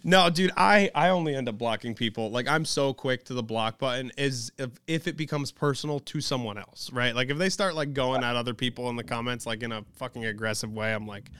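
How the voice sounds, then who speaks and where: A man's voice: mid-range voice, fairly quick, hardly any pauses, smooth, dry recording. A young man co-hosting a podcast, talking bluntly and casually, with the odd swear word. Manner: blunt, animated, swears freely. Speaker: podcast co-host. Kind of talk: casual chat.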